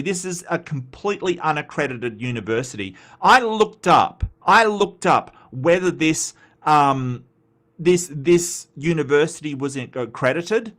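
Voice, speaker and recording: Australian male commentary host, voice sits fairly high with a lot of swing, loose and profane delivery. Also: fairly bright tone. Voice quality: sweary, blunt, rambling with restarts. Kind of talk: casual reaction commentary, reading chat.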